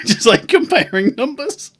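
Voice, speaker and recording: A man's voice: very high-pitched, big pitch swings, takes it slowly, fairly bright tone, a little hiss or hum. A man joking and laughing as a player in a tabletop game. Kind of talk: casual tabletop game chat.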